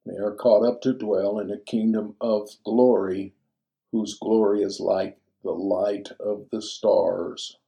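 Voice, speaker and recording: A man's voice: on the low side, steady tone, slow, vocal fry, mellow, low-quality recording. A man giving a sermon-style commentary, reading scripture verses aloud and then explaining them. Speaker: scripture teacher.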